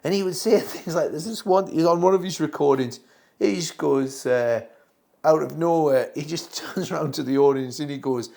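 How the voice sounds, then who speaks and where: A man, a comedian guest, chatting casually and telling stories with animated, quick asides. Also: fairly high pitch, vocal fry. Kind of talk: casual chat.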